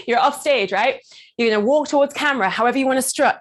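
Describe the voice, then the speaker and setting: A playful, theatrical woman coach leads a lively workshop. Her voice sits a little high. She keeps acting out small characters and laughing between points. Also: normal speed. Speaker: burlesque performer and confidence coach.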